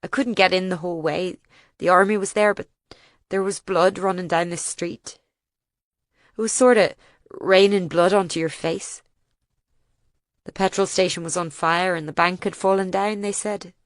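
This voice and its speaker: A grieving older farmer , as a woman reads him recounts that day in plain, halting dialect. The voice is lowish and the recording is dry and close. It is an audiobook reading. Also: fairly even intonation, no echo, close to an everyday voice. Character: grieving older male farmer telling of a bombing.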